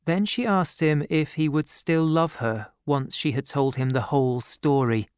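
A male narrator reads a novel aloud in a measured, even storytelling manner. His voice is smooth and resonant, and he takes his time over every line. The recording is close and dry, with no room sound. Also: a little high, dry recording. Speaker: audiobook narrator. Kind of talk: scripted audiobook narration. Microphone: close studio microphone.

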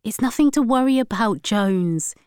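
A cocky teenage gang-leader boy, as a woman narrator puts him on, brash and brushing people off. The voice is smooth and crisp, recorded dry and close, like a storybook read in a studio. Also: a little high, expressive, moderate pace, darkish tone, no room sound, pitched above the performer's own voice, lightly acted. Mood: dismissive. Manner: brash, dismissive.

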